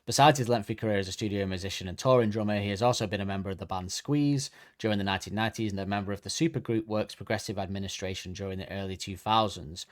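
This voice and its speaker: Man, podcast host, lowish voice, casual chat, reads out facts. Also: fast talker, few pauses. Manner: quizzing his co-host, then reading out facts.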